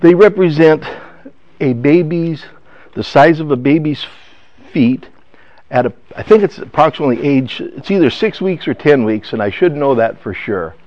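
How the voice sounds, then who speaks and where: An older man telling a family story in a personal testimony talk, halting and emotional, with many restarts. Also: fairly high pitch, lively intonation, no room sound. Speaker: speaker. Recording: dull lo-fi sound.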